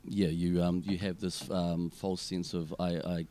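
A man's voice: low-pitched, flat delivery, unhurried, dark tone. Rambling sweary young New man. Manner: rambling, sweary, lots of fillers and restarts. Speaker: podcast co-host. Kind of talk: casual storytelling chat.

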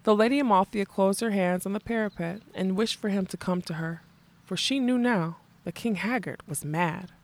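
A woman narrating a fantasy novel in a measured, expressive storytelling voice. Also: mid-range voice. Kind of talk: audiobook reading of a fantasy novel.

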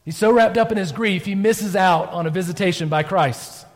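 Male pastor, conversational storyteller, acts out the dialogue, slightly high voice, church reverb. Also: moderate pace. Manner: conversational storytelling, acts out quotes, frequent "right?". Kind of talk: sermon. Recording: long reverb of a church hall.

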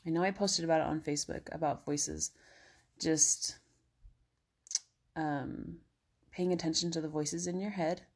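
A woman with a low, slightly breathy voice hosts a casual self-help podcast. She talks gently and encouragingly, full of everyday fillers, and at times eases into soothing guided relaxation. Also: steady tone, a little slow, pauses often. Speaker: podcast host.

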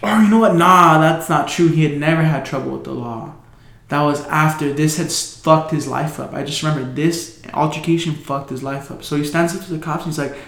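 A man's voice: on the high side, fairly quick, vocal fry, fairly bright tone. A young man telling a story in casual chat, loose and full of slang, swearing and fillers. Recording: echoey room.

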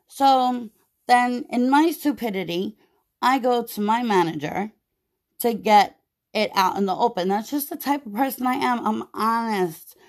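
A woman podcast host venting about her job in a casual, profane, animated way, with many "like"s. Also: a little high, a little slow. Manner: profane, animated storytelling with lots of "like".

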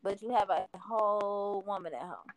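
A woman's voice: mid-range voice, normal speed. A woman in casual conversation, speaking in a matter-of-fact, teasing way. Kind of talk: casual chat.

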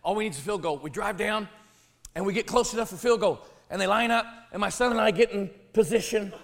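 A man, a pastor telling a funny personal story in a sermon, animated and jokey, dropping low then shouting. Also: fast, creaky.

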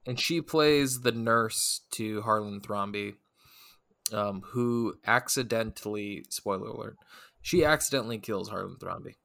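A man co-hosting a casual movie review podcast, talking in a relaxed, halting way with many fillers. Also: lowish voice, vocal fry, no echo. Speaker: podcast co-host.

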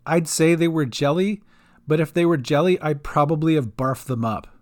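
A man voicing a small, tired halfling farmer who is seasick, talking in a weary, dry, deadpan way. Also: a little high, normal speed, natural voice. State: queasy and exhausted.

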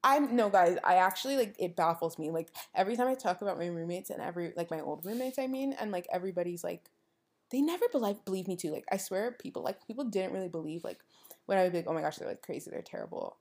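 A woman's voice: medium pitch, quick pace. A young woman hosting a podcast, talking casually and acting out what people said in her stories. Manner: animated storytelling, acts out quoted dialogue; frequent "like" fillers. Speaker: podcast host. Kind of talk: casual monologue.

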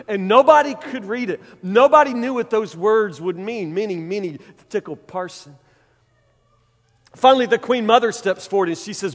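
A man preacher telling a Bible story in a sermon, animated and dramatic, often repeating his phrases. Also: high-pitched, normal speed. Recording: long hall reverb.

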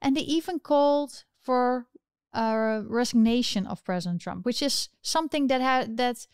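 Woman ranting about politics, dry close mic, super clear voice. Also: on the high side, normal speed, no echo. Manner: animated, indignant, restarts often. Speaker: political commentary host. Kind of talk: casual political commentary.

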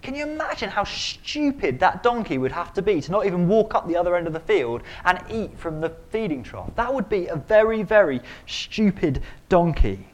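A man preaching a sermon in an animated, conversational way, acting out quotes. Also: high voice, normal speed. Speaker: pastor.

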